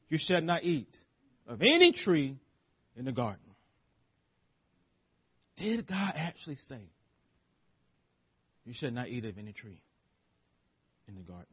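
A man delivering a sermon with a husky, slightly raised voice. He preaches emphatically, stressing words and repeating phrases, sometimes stumbling and restarting a word. His tone climbs on key points and drops low at the ends of lines. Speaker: pastor.

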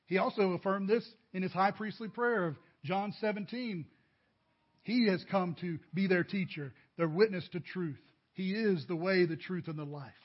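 A man's voice: sits high, moderate pace, dull audio. A man preaching a sermon as pastor, addressing the congregation directly with emphatic rises. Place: church.

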